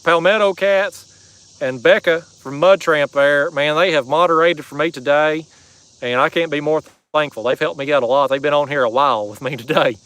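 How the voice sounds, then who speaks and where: A man's voice: a little high, a bit bright, no room sound, poor audio. A man hosting a fishing livestream from a kayak, chatting casually and reading out viewer comments in a folksy drawl. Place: kayak on a river outdoors.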